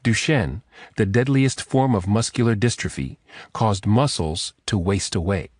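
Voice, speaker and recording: A man narrating a thriller audiobook in a measured, steady storytelling manner. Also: fairly low pitch, no room sound, clean studio sound. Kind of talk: scripted narration.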